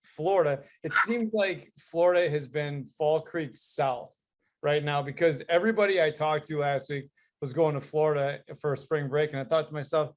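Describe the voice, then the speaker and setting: High-energy man from Wisconsin. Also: moderate pace. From Wisconsin, USA. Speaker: school superintendent, webinar guest. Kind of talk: casual chat. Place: indoor room.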